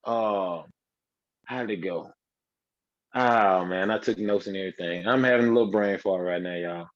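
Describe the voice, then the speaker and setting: A man sharing his experience on a casual call, talking in a rambling, halting, folksy way. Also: low-pitched, dry recording, dull audio. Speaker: team member sharing on a call. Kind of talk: casual chat.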